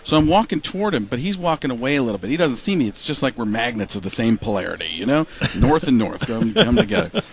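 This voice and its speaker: A man telling a lively anecdote in casual chat, slipping into quick impressions as he goes. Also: mid-range voice, gravelly, a little hiss or hum. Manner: animated, slips into quick impressions. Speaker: guest impressionist. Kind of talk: casual storytelling.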